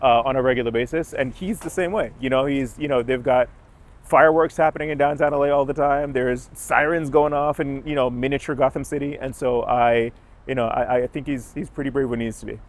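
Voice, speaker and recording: A man's voice: medium pitch, fairly even intonation, brisk. Rambling young man on a city street. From Jamaica. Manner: rambling, self-correcting storyteller. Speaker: dog owner. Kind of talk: casual chat.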